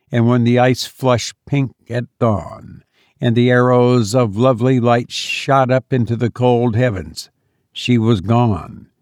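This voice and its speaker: A man narrating a story as an audiobook in a measured, deliberate manner. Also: mid-range voice, a little mellow, no echo, studio quality.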